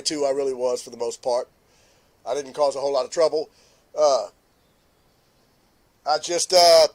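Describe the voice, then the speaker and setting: The host of a morning live stream, a man with a high voice, chats casually with viewers. He laughs often and addresses commenters by name.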